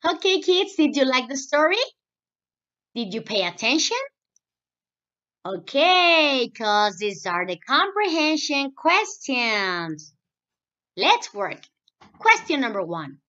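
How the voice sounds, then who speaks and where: In this lo-fi, dull-sounding recording of an online children's lesson, a woman explains English and then restates each point in Spanish. Her high voice swings widely in pitch, moving slowly with frequent pauses and a sharp tone.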